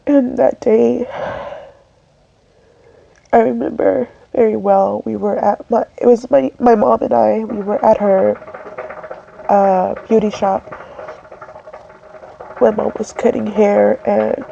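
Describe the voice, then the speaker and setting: A woman telling a personal story while crying, halting and tearful, with many restarts. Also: medium pitch, fairly even intonation, vocal fry, warm tone. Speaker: vlogger. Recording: dull lo-fi audio with faint background noise.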